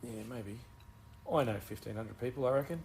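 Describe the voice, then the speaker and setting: A man's voice: medium pitch, normal speed, creaky, a little mellow, slight background noise. A man co-hosting a podcast in casual, joking banter. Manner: joking, laid-back banter. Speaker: podcast co-host. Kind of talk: casual chat.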